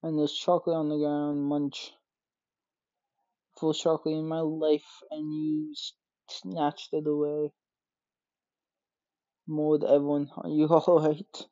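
A gaming YouTuber reading out game dialogue for many characters in quick succession, sometimes exclaiming. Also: mid-range voice, completely flat delivery, mellow, no echo, lo-fi sound. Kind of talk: game playthrough with read-aloud dialogue.

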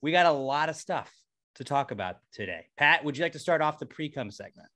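Young male podcast co-host, bright voice, rambling jokey banter, casting for a casual sports chat show. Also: a little high, expressive, brisk. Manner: loose, rambling, jokey delivery with frequent fillers.

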